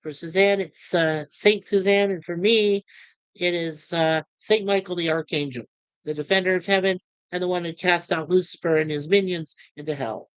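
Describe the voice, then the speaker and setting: A man's voice: high-pitched, steady tone, moderate pace, fairly bright tone, clear, resonant tone, no echo. A middle-aged man hosting a livestream, chatting casually and rambling as he reads viewer comments. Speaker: livestream host.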